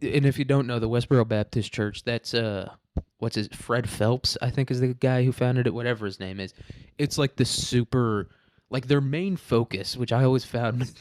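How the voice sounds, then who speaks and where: Recorded in studio quality without any room sound, this podcast host is a young man whose nasal voice is medium-pitched, steady, and darkish. He rants solo at a moderate pace, casually rambling, swearing, laughing frequently, and saying "dude" and "like" a lot.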